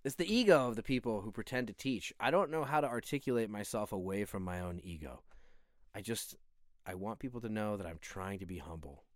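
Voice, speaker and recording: A man with a low voice talks in an earnest, searching way before a workout. He muses and stays humble. The sound is dry and close. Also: lively intonation, fairly quick, no room sound. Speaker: fitness video host. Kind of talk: reflective spoken monologue.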